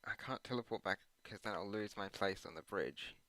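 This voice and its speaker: Low-voiced man rambling over gameplay. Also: brisk, bright, forceful tone, no room sound. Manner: meandering and hesitant, with many ums and uhs; self-deprecating asides. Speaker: gaming channel host. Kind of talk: rambling commentary while playing a video game.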